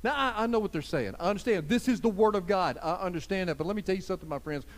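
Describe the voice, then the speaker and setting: High-voiced preacher man. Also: very fast. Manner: earnest preaching, swinging between loud emphasis and soft hushed lines; conversational, addresses listeners directly. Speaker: pastor. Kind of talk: sermon.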